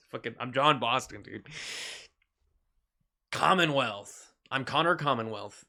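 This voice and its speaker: This is a man casually narrating his shooter-game stream with jokes, plenty of profanity, and frequent laughter, plus excited yelps when the action turns. He talks slowly in a gravelly, mid-range voice.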